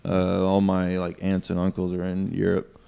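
A man talking as a comedian guest in a casual podcast chat, crude and excitable. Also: deep voice, moderate pace, gravelly, smooth.

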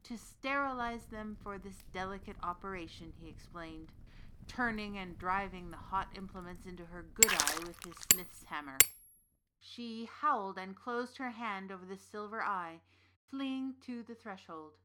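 A woman playing an old witch who narrates a folktale in a measured, deliberate way. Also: mid-range voice, sharp tone, slight background noise. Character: old witch storyteller, knowing and dry. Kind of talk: scripted storytelling narration.

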